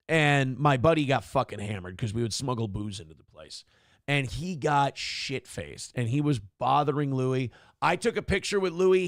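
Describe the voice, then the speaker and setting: A man in his forties, his voice fairly high, hosts a morning talk show and chats casually through rambling, profane stories told with lively animation. It's a dry, studio-quality recording.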